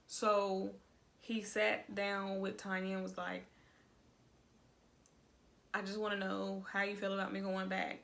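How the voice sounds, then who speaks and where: A woman's voice: mid-range voice, monotone, a little slow, creaky, pauses often, a bit bright. A young adult woman hosting a casual video review, talking in a chatty, sassy, colloquial way. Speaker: reality TV recap host.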